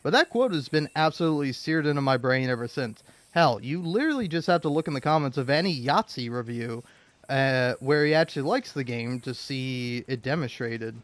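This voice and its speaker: A man's voice: mid-range voice, brisk, dry recording. A young man reading out comments and ranting about them in a casual, profane, rambling way while he plays a game. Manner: profane, animated, rambling with restarts.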